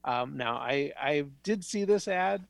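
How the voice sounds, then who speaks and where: A man's voice: fairly high pitch, expressive, measured pace, vocal fry, no echo. A man co-hosting a motorcycle podcast, reading a listener's email in an easygoing way, with small stumbles. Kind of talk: casual podcast chat.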